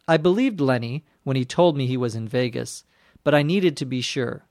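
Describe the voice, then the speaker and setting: A man narrating a detective story slowly and clearly, as an audiobook for learners. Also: medium pitch, lively intonation, a little mellow, no room sound, studio quality. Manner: slow and clearly spaced.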